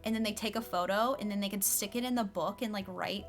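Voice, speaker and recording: A woman's voice: mid-range voice, fairly even intonation, fast, faint music behind. A young adult woman streaming a game, chatting casually and filling her speech with "like". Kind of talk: casual chat while playing a game.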